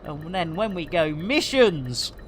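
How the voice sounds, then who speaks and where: A woman's voice: on the low side, animated, slow, slight background noise. Cheeky, sweary English woman streaming a game. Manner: cheeky, sweary banter full of British slang and rhyming slang; chatty, talks to viewers and reads chat aloud. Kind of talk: casual live-stream commentary.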